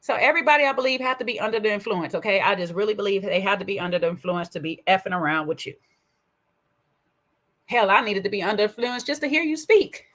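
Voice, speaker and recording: A woman hosting a casual, sassy commentary on a reality dating show, with a colloquial, animated delivery. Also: mid-range voice, quick pace. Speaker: commentary host.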